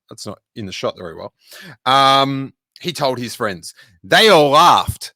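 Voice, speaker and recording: A podcast host reading a children's book aloud, jokey and animated, breaking in to do character voices and make asides. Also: male voice, mid-range voice, a little slow, dry recording. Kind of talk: casual read-aloud with commentary.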